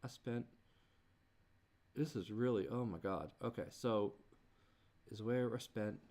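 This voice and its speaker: A man thinking aloud while he composes, muttering in halting restarts and groaning at himself. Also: fairly low pitch, a little mellow. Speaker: creator working on a song.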